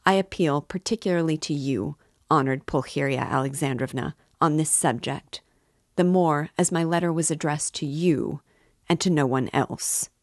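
A woman's voice: low-pitched, normal speed, no room sound, studio quality. A woman reading the part of a pompous, sarcastic middle-aged male suitor in a lofty tone.

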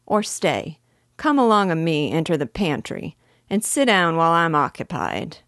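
A woman's voice: sits low, big pitch swings, normal speed, fairly bright tone, no echo, studio quality, heavily acted. A woman voicing a cheeky male cockney burglar who drops his aitches and drawls slang. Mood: gruff.

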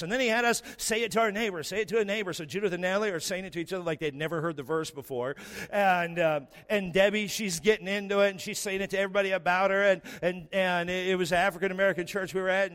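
A man's voice: high voice, fast talker, a bit bright, long reverb tail. A man preaching a sermon as pastor, repeating key phrases for emphasis and having the congregation say verses aloud.

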